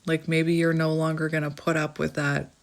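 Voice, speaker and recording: A woman's voice: sits low, level tone, moderate pace, creaky. A woman chatting casually as she gives a tarot reading, laughing often and thinking aloud. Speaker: tarot reader.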